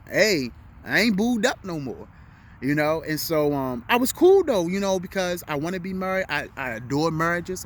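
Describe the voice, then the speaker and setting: A middle-aged man hosting a vlog speaks with a slightly high, fairly bright voice, giving an earnest, emotional motivational talk on a city street at dusk and repeating his key phrases. A little hiss or hum is audible.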